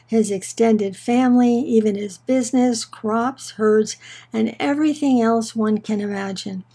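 Woman teaching bible stuff, mellow kinda breathy voice, slow careful delivery, leans on the important words. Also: on the high side, poor audio. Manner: measured, slows on key words for emphasis. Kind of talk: scripted teaching narration.

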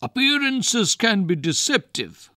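A scornful, boastful young wrestler in a storybook reading speaks in a raised, slowed voice with plenty of swing. A man voices him. He sounds dry and close. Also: on the high side, very animated, sharp tone, no echo, exaggerated voice. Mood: taunting.

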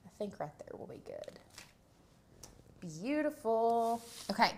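A woman's voice: medium pitch, very animated, fast, vocal fry, a little hiss or hum. A young adult woman hosting a live craft tutorial, chatting casually as she works through each step with her hands. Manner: chatty, talks while working with hands.

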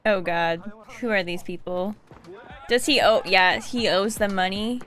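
A woman in her twenties, chatty and excitable, giving casual reaction commentary. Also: medium pitch. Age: 20s. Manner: chatty, excitable, quick to laugh. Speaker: reaction streamer.

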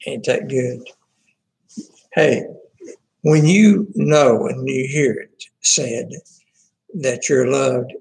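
Pastor, man, slow and gravelly, folksy church talk full of "uh"s and restarts. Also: mid-range voice, a little mellow, rough recording. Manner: halting, many fillers and restarts, folksy. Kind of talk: informal church prayer-request talk.

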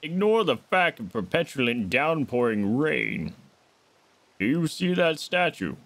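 A man's voice: on the high side, big pitch swings, unhurried, a bit bright, heavily acted. A man voicing a giant, regal old fish king, using formal old-fashioned speech. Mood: wistful. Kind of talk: voicing game dialogue on a stream.

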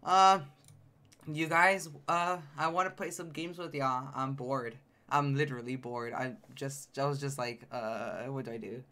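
A young man chatting casually and playfully as the host of a game livestream, quick to exclaim and joke. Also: medium pitch, steady tone, pushed and bright. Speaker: game streamer.

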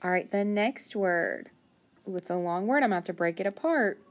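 A woman's voice: medium pitch, lively intonation. Patient woman teaching phonics. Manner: patient, encouraging, sounds words out slowly. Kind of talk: phonics lesson, thinking aloud.

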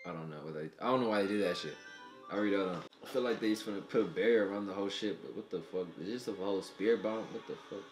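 A man giving casual, profane reaction commentary while he watches an anime, excitable and thinking out loud. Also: lowish voice, fast, roomy sound, soft background music.

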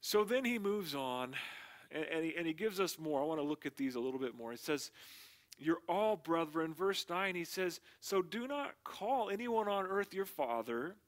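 A pastor preaches in an easygoing, conversational way, tossing in slang as he goes. His speaking voice sits a little higher than most men's. It sounds like a laid-back sermon to a small congregation. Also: very animated, moderate pace.

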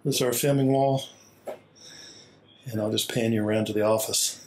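A man's voice: on the low side, steady tone, normal speed, a little mellow, a little hiss or hum. A pastor recording a casual walking tour of his small church on a laptop, chatty and slightly out of breath, laughing often. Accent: Hawaii. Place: small church building indoors. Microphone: laptop held while walking.

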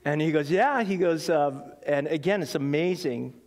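A middle-aged man preaching a sermon in a conversational, animated way, telling stories with many ums and restarts. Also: a little high, normal speed. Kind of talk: sermon with personal storytelling. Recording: long hall reverb.

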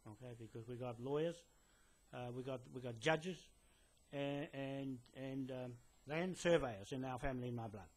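Mid-range voice, moderate pace: a man, a land claimant, speaks straight to camera to a police detective indoors in a building. He keeps restarting and filling pauses as he rambles, his tone insistent and lecturing.

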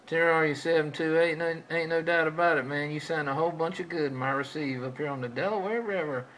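A man's voice: on the high side, fast talker, fairly bright tone, a little hiss or hum, rough recording. A man trading folksy CB radio chatter with other operators, drawing out his calls and repeating his stock phrases.

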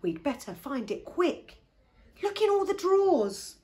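A woman doing a shrill old granny pig. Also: big pitch swings, slow, fairly bright tone, exaggerated voice. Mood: fretful. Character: fussy old grandmother pig.

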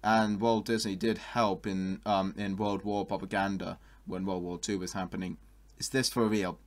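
A young man with a somewhat low speaking voice. He reacts to online art in a loose, chatty way. He often jumps into high, loud exclamations and laughs a lot. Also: level tone, normal speed. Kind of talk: casual reaction commentary.

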